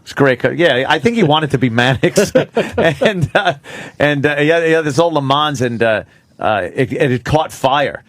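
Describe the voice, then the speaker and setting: A man's voice: fairly high pitch, animated, moderate pace, fairly bright tone, dry recording. A man, co-hosting a radio show and telling stories casually, with lots of swearing and laughter. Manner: profane storytelling, laughs often. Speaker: radio co-host.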